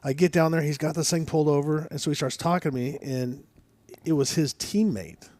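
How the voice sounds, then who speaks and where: Guy co-hosting, telling animated stories, bit of a higher voice, dry sound. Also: a little fast, no room sound. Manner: animated storyteller. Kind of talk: casual storytelling.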